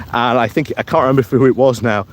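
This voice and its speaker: A man's voice: mid-range voice, fairly even intonation, moderate pace, a little hiss or hum. A man giving casual political commentary on a live stream while out on a morning walk. He talks in a chatty way, chuckles often and reads out viewer comments. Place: outdoors in the countryside on a walk.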